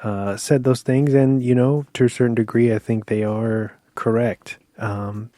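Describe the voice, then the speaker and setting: A man's voice: medium pitch, fairly even intonation, a little slow, warm tone, no room sound. A man co-hosting a podcast, rambling through a casual film review and searching for words as he goes. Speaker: podcast co-host.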